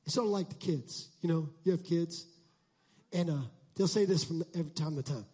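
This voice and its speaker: A male pastor preaching a sermon, moving between quiet joking asides to the congregation and shouted climaxes. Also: a little high, a little fast, breathy edge. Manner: jokey, conversational asides to the congregation.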